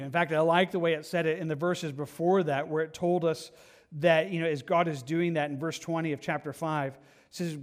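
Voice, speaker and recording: A man's voice: a little high, fairly even intonation, brisk. A man preaching a verse-by-verse sermon from a church stage, earnest and impassioned, often stumbling and restarting as he reaches for words. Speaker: pastor.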